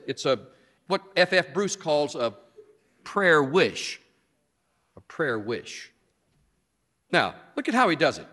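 Man preaching a sermon, leans hard on key words, big echoey sanctuary sound. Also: fairly high pitch. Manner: animated, stretches key words for emphasis. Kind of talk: expository sermon. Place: church sanctuary. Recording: long reverb of a hall.

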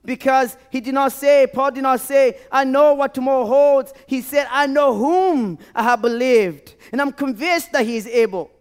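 A man's voice: very high voice, normal speed, few pauses, clear, resonant tone. A man pastor preaching a sermon and leading an altar call to a church, pleading and repeating his phrases with rising and falling intensity. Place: church sanctuary.

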